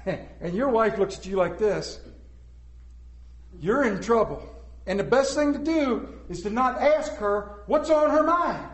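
A male preacher tells jokes and stories to his congregation, swinging between hushed and loud. His fairly high voice echoes around a large hall. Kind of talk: folksy sermon. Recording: roomy echoing hall.

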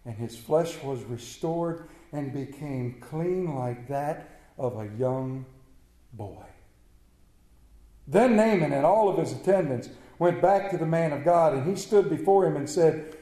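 High-voiced preacher guy telling a bible story, really animated, echoey church room. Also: measured pace. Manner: animated, acts out bible characters, addresses congregation by name. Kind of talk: storytelling sermon.

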